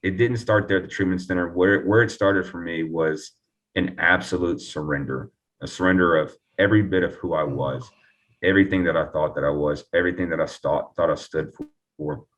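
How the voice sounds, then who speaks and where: A man telling his recovery story earnestly and reflectively as an interview guest, often pausing and restarting. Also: low voice, fairly bright tone, far from the mic.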